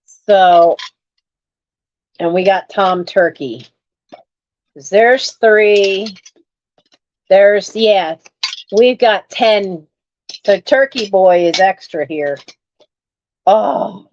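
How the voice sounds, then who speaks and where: A woman's voice: mid-range voice, drawn-out words, long pauses, a little mellow, lo-fi sound, a little hiss or hum. A woman selling collectibles online, chatting casually as she unboxes her finds and exclaims over them. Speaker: online reseller hosting a live sale. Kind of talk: casual chat while unboxing.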